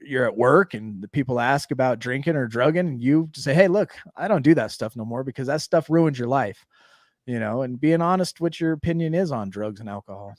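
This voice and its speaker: A man's voice: medium pitch, animated, brisk, no room sound. Man, host, casual talk, plainspoken, dry close-miked voice. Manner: plainspoken and earnest, drops into street grammar. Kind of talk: casual show chat.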